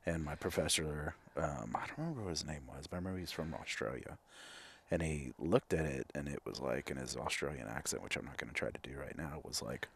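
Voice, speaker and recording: A man with a very deep, husky voice talks candidly as the host of a conversation. He sounds reflective and often restarts his sentences with fillers. He comes across as a man in his thirties. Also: brisk. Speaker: clinical counselor and host.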